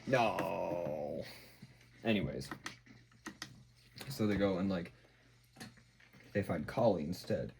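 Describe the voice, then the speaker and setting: A man's voice: deep voice, takes it slowly, vocal fry, long pauses, background noise. A man hosting a video, casually recapping a show in a rambling way with lots of fillers. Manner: rambling, full of fillers and acted-out quotes. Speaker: video host.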